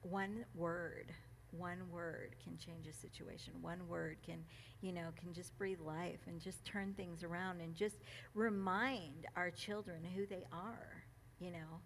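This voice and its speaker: A woman speaking at a church gathering, reading a passage and reflecting on it, emotional and quick to laugh, with many ums and restarts. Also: lowish voice, fairly even intonation, slight background noise. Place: church meeting room.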